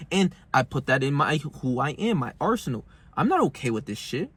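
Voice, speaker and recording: Young guy ranting to camera, slangy and cussing a lot, kinda husky, dry sound. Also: fairly high pitch, big pitch swings, a little fast, hardly any pauses, a bit bright, no echo. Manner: brash, slangy, heated, profane. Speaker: self-help vlogger. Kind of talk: casual monologue to camera.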